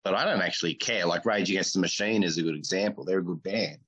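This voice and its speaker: A man's voice: deep voice, fast talker, fairly bright tone, slightly rough. A man hosting a podcast in casual chat, with a blunt, opinionated and crude way of talking. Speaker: podcast host.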